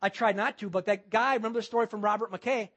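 A man's voice: high-pitched, fairly even intonation, fast, fairly bright tone. A man preaching a sermon as pastor, using repetition and rhetorical questions.

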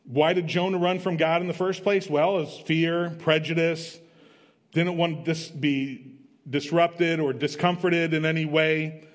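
A man's voice: a little high, fairly even intonation, a little slow. Man preaching in a reverberant hall. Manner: conversational, plain-spoken retelling with emphatic asides. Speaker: missionary preacher. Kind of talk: sermon with storytelling. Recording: long reverb of a large hall.

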